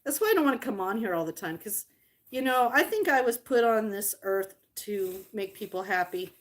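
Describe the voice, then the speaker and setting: A middle-aged woman vlogger chatting casually to her viewers, rambling with fillers and doting warmly over old collectibles. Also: mid-range voice, lively intonation, normal speed. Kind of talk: casual livestream chat.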